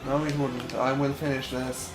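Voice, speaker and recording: A man's voice: mid-range voice, little pitch movement, normal speed, reverberant, soft background music. A man co-hosting a casual gaming session, making short, blunt remarks. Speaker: let's play co-host.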